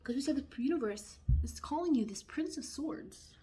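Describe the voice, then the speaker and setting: A woman giving a casual tarot reading, chatty and expressive, who often drops into hushed asides. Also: high-pitched, moderate pace, a little hiss or hum. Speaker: tarot reader.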